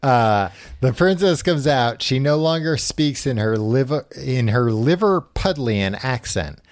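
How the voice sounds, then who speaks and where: A man's voice: medium pitch, animated, measured pace, no room sound, clean studio sound. A man hosting a podcast, recapping a book in casual chat with a wry storytelling manner. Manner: wry, storytelling with acted quotes. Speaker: podcast host.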